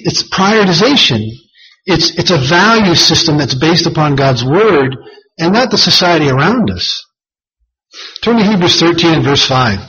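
A man's voice: on the high side, fairly bright tone. A man preaching a sermon, reading scripture aloud in an earnest, emphatic way. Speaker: pastor. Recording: dull lo-fi sound.

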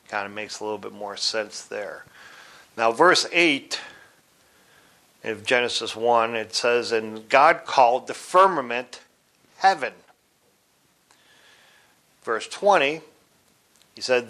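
A man teaching from the Bible in a deliberate, explanatory way, spelling out words letter by letter. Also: medium pitch, fairly bright tone.

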